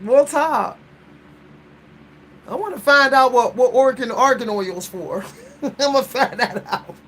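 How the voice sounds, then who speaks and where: A woman's voice: sits high, unhurried, a bit bright, slight background noise. A woman hosting a casual chat, musing playfully and laughing often, with features. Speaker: host.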